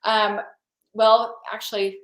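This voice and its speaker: A woman's voice: mid-range voice, level tone, takes it slowly, fairly bright tone, echoey room, low-quality recording. A woman hosting a video call, chatting casually and with enthusiasm. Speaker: host.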